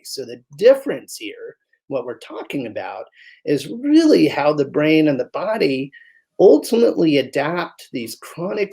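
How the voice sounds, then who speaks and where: A man with a gravelly, slightly husky voice talks through his ideas in an interview. He has an animated storytelling manner and often slips into voices for the people in his examples. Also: mid-range voice. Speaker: guest physician. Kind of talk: conversational interview.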